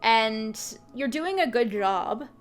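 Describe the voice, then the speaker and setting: A woman's voice: on the high side, expressive, slow pace, faint music behind. A woman hosting a game channel, reviewing a game ending in a casual, chatty way with lots of fillers.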